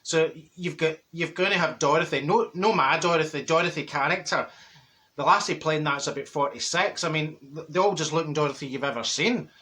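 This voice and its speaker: Brief: gossipy middle-aged Glaswegian woman, bright sharp voice, giggly asides, played by a man. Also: on the high side, fairly quick. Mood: chatty. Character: chatty middle-aged Glasgow woman, straight-talking gossip. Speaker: comedy character host. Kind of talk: comic character monologue.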